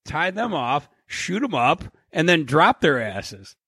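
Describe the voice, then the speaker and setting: A man's voice: a little high, sing-song, slow pace, pushed and bright, husky, no echo, clean studio sound. A man co-hosting a podcast in casual chat, swearing freely, joking and acting out imagined conversations. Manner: profane, joking, acts out imagined dialogue. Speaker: podcast co-host.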